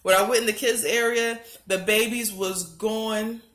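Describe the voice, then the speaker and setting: Her voice sits on the high side, bright and steady, moving at a measured pace in a roomy-sounding space. This woman is giving a tearful testimony to camera about a religious dream, her heart pounding. She keeps pleading, repeating phrases and starting over with earnest intensity.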